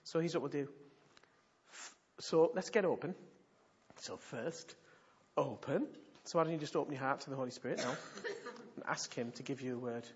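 Husky preacher, animated storytelling. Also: male voice, medium pitch, brisk. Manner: animated storytelling, emphatic repetition. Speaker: pastor. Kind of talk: sermon teaching. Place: church. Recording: dull lo-fi recording.

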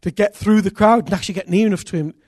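A man preaching a sermon as pastor, earnest and intimate, with sudden loud rises. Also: high-pitched, rapid-fire, no room sound, studio quality.

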